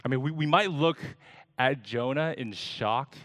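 A man's voice: mid-range voice, a bit bright, dry recording, studio quality. A man preaching a sermon to his church, explaining a scripture passage and acting out quoted lines with dramatic emphasis. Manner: slow, deliberate preaching with dramatic voiced quotes. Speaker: pastor.

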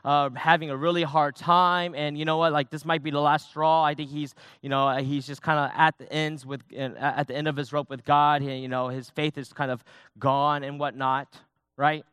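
A man's voice: fairly high pitch, flat delivery, moderate pace, a bit bright, smooth, no echo, clean studio sound. A young man, a youth pastor, preaching a sermon in a personal, conversational way, often restarting his sentences.

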